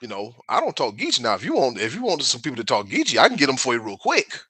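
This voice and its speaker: Bright-voiced South Carolina man telling stories. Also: medium pitch, quick pace, husky. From South Carolina, USA. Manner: animated storyteller, laid-back and joking. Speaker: podcast co-host. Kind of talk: casual chat.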